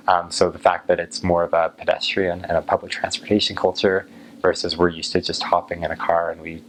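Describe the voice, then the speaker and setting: American male vlogger, deep and even delivery, casual musing chat, faint ambient hiss. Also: poor audio. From United States. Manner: unhurried, musing, with frequent ums. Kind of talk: casual talk to camera.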